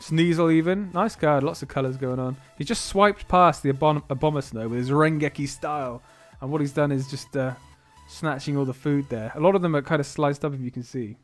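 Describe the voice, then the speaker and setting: A man with a slightly raised voice talks in a loose, chatty live-stream manner. He is excitable, laughs easily and lets some remarks drop to a near whisper. Soft music plays quietly underneath. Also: a little high, fairly quick. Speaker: streamer opening trading card boxes. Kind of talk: casual live-stream chat.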